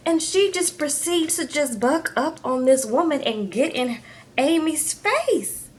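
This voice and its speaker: A woman's voice: high voice, unhurried, a little hiss or hum. A woman recapping a reality show in a gossipy, chatty vlog, often asking "okay?". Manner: gossipy, animated, addresses viewers with "okay?". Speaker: YouTube reality TV reviewer.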